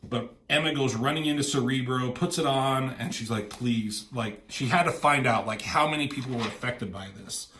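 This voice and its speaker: A man's voice: medium pitch, normal speed, hardly any pauses, fairly bright tone, roomy sound, a little hiss or hum. A man casually retelling a comic book story, slipping into quoted lines from the characters.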